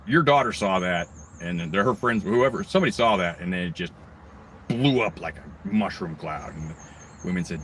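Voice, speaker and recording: A man's voice: low-pitched, fairly bright tone, slight background noise. A man ranting on his own channel, rambling and swearing heavily, with mocking asides. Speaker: video blogger. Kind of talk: angry profane rant.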